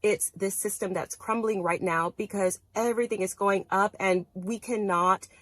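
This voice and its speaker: A woman's voice: mid-range voice, steady tone, normal speed, fairly bright tone, no echo. A woman host giving earnest commentary to camera. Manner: earnest, explaining. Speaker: channel host.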